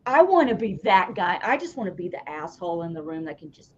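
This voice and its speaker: A woman from Tennessee, co-hosting a podcast in casual chat, talking bluntly and excitedly and tripping over her words. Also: fairly low pitch, quick pace, slight background noise. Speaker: podcast co-host. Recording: muffled lo-fi audio.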